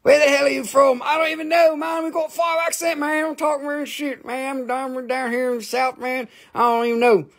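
A man's voice: very high-pitched, little pitch movement, fairly quick, few pauses, fairly bright tone, pitched above the performer's own voice. A man putting on the voice of a spaced-out, rambling drifter who ends every phrase with "man". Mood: goofy.

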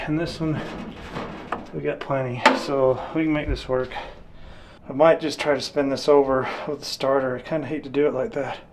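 A man's voice: mid-range voice, noisy background. A man talking casually to the camera as he works on an old truck, practical and dryly joking. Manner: easygoing, practical, dry humor. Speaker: mechanic vlogger. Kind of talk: casual shop talk to camera. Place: garage and outdoor yard.

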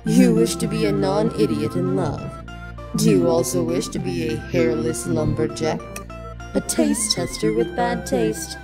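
A woman voicing a cryptic hooded river ferry monster who talks in slow riddles and sing-song nonsense. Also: medium pitch, wildly swooping pitch. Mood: riddling. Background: music.

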